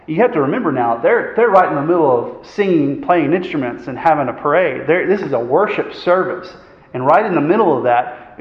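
A man preaching a sermon. He poses rhetorical questions and often clears his throat. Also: fairly high pitch. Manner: earnest, asks the congregation rhetorical questions; frequent fillers and throat clearing. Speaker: pastor. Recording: echoey hall, dull sound.

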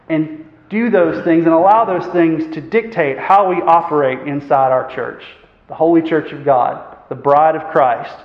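A man preaching a sermon. He poses rhetorical questions and often clears his throat. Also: on the high side. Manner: earnest, asks the congregation rhetorical questions; frequent fillers and throat clearing. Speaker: pastor. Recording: echoey hall, dull sound.

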